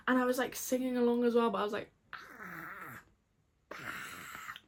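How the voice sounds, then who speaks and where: A woman's voice: on the high side, level tone, racing, background noise. A young woman recapping a TV episode to camera in a gushing, dramatic, chatty way. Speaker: vlogger.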